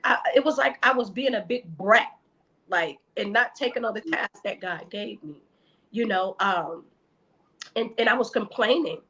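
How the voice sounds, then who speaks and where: A woman with a medium-pitched, gravelly, slightly bright voice appears as a podcast guest on a rough recording. In this casual faith conversation she speaks openly about caring for her mother, often repeating words as she looks for them.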